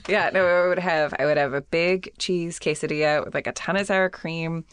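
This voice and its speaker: A young woman with a fairly low voice chats casually, rambling and laughing, stacking up "like" and restarts as she goes. The sound is dry and close, with no room around her. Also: steady tone, moderate pace, clear, resonant tone, no echo. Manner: giggly, rambling, lots of "like" and restarts. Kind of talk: casual chat.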